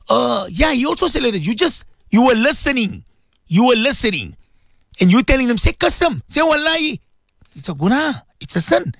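Radio preacher, male, high voice that swings widely, emphatic and repetitive, dry close sound. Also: no echo. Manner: emphatic, repetitive, quizzing listeners. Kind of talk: radio religious talk.

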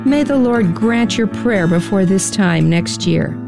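A woman's voice: mid-range voice, expressive, a little slow, gravelly, over music. Woman reading as an old stern priest. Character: old nearly blind male priest, scolding.

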